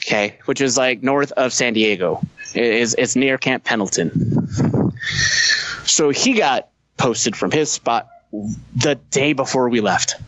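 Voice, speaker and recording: A man who is a Marine veteran and podcast guest, telling profane, animated war stories in casual conversation, laughing often. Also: medium pitch, no echo, rough recording. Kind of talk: casual storytelling.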